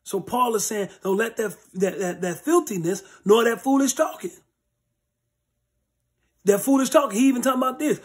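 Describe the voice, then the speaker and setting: A man with a husky, breathy edge to his voice leads an informal Bible study. He preaches in blunt, street-level language and hammers his points home by repeating phrases. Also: sits high, expressive, moderate pace, a little mellow. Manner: emphatic, repeats phrases for stress.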